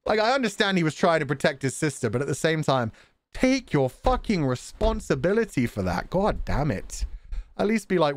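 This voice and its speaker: A man's voice: a little high, a little fast, no room sound. Exasperated male streamer ranting. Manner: exasperated, profane, animated ranting. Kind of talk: casual live-stream commentary.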